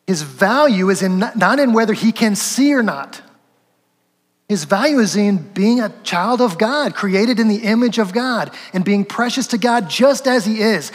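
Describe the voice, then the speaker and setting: A man preaching a sermon with a high voice. He talks conversationally and acts out the people in the stories. His voice rings with the long reverb of a large church hall. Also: slightly rough. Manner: conversational, acts out quotes, chuckles, rhetorical asides. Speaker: pastor.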